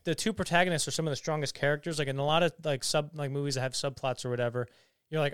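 A man's voice: medium pitch, quick pace, smooth, dry recording, clean studio sound. A young man co-hosting a casual movie review podcast, rambling with lots of fillers and teasing his friend. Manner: rambling, heavy on fillers and restarts; teasing, joking banter. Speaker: podcast co-host.

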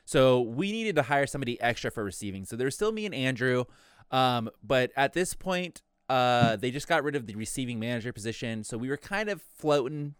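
A man's voice: medium pitch, lively intonation, fairly quick, clean tone, dry recording, studio quality. A young man chatting casually on a podcast, telling a long workplace story and acting out his coworkers as he goes. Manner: rambling storyteller, acts out quoted coworkers. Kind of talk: casual chat.

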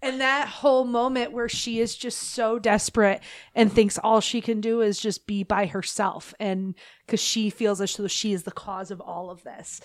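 A woman co-hosting a fan podcast, describing a favorite moment in an earnest, thoughtful way. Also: medium pitch. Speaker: podcast co-host. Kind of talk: casual fan chat.

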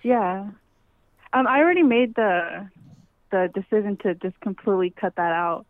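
A woman's voice: medium pitch, moderate pace, no room sound. Breathless woman caller on a tinny phone line. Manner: rambling, filler-heavy, apologetic. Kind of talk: casual phone call.

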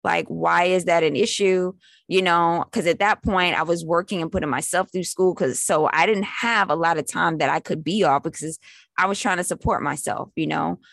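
A woman's voice: fairly low pitch, normal speed, creaky, fairly bright tone, dry recording. A young adult woman telling a story in a casual, chatty way, full of fillers and acted-out quotes.

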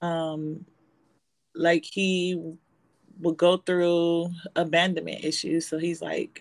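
Low-voiced woman talking things through. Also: little pitch movement, slow, poor audio. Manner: reflective, explanatory storytelling. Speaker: guest. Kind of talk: casual conversation.

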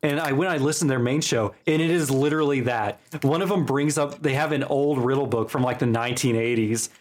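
A man co-hosting a casual gaming podcast from his home over a call mic. His voice sits at a middle pitch for a man. He talks in a joking, animated way and drifts into storytelling. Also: fairly quick. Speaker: podcast co-host. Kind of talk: casual chat.

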